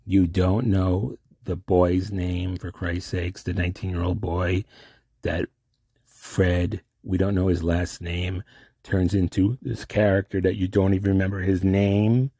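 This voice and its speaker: Gravelly low-voiced man rambling. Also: flat delivery, dark tone, no room sound. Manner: halting, stammering restarts. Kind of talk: rambling comic monologue.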